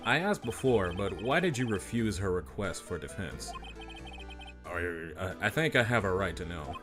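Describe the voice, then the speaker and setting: A man's voice: low voice, animated, moderate pace, music in the background. A man voicing an earnest, flustered young defense lawyer in a fan dub of a game, with wry asides. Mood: probing.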